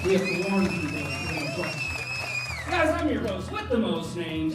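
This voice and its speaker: A man's voice: sits high, very animated, a little slow. A man hosting a live comedy and music show in a small venue, joking with the crowd in a brash, profane way. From Kentucky. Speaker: host.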